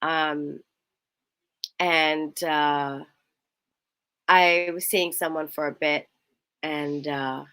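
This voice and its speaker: A young woman co-hosting a casual chat, telling a personal story in an animated way and acting out quotes in a higher voice. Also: extremely slow, long pauses, smooth. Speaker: co-host.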